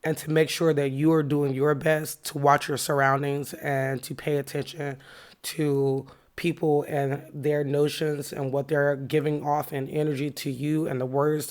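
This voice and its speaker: Woman podcast host, candid storyteller, reflective and plainspoken. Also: low-pitched. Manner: candid, reflective, retelling a heated run-in. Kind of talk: casual personal storytelling with a lesson.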